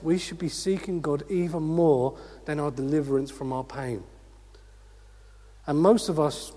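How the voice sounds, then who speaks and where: A man preaching a sermon, energetic, with rhetorical questions and call-outs to the congregation. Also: fairly high pitch, big-room sound.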